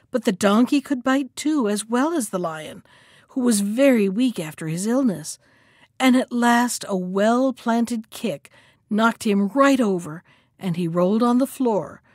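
A woman reading a folktale aloud as a storyteller, lively in the quoted lines. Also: fairly high pitch, a little slow, dry recording, studio quality. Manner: expressive, acts out the characters' lines.

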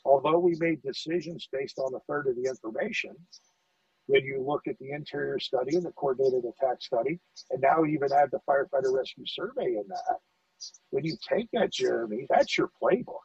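A middle-aged man, a fire lieutenant in a casual podcast conversation, telling animated stories and acting out the dialogue. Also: medium pitch, brisk, vocal fry, dry recording, far from the mic. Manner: animated storyteller, acts out quoted dialogue, repeats words. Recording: dull dry audio, off-mic.

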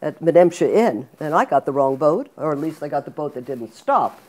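An older woman hosting an interview, asking questions in a relaxed, conversational way. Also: low-pitched, brisk. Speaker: interview host, photographer. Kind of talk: casual interview.

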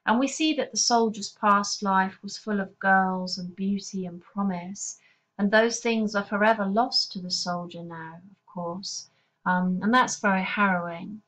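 A woman teacher giving a recorded poetry lesson in a measured, explanatory way, with an occasional filler. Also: medium pitch, fairly bright tone, muffled recording.

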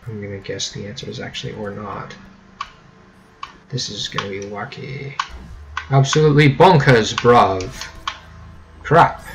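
A man giving casual gameplay commentary, rambling and self-mocking with sudden excited yelps. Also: lowish voice, moderate pace, gravelly, long pauses, background noise. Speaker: let's play gamer. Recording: keyboard clicks audible behind.

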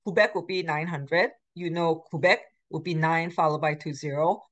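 Woman teaching a lecture, lower voice. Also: fairly even intonation, fast talker. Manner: explanatory, many fillers and restarts. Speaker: language teacher. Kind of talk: recorded lecture.

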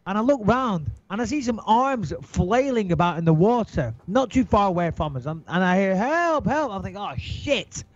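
A high-voiced man tells a story in a casual interview, swearing a lot. He throws himself into it and acts out his own panicked thoughts. The recording sounds dry and a little dull. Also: expressive, normal speed, hardly any pauses, no echo. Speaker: interview guest.

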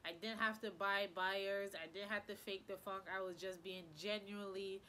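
A woman's voice: medium pitch, steady tone, moderate pace, sharp tone, slight background noise. A woman hair care vlogger chatting casually to camera, effusive and rambling, with a stuffy nose. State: stuffy-nosed.

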